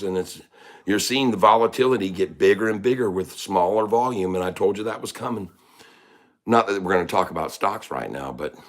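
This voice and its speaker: Low-voiced rambling live-stream host. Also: male voice. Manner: rambling, chatty, calls viewers "folks". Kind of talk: casual live-stream talk and play-by-play.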